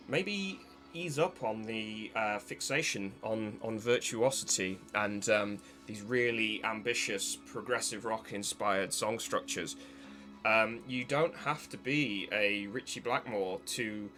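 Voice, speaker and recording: A man talks through a long commentary piece at a middling pitch. He speaks in a discursive, analytical way, stringing ideas together with frequent fillers and restarts. A little music sits quietly in the background. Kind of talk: spoken video essay.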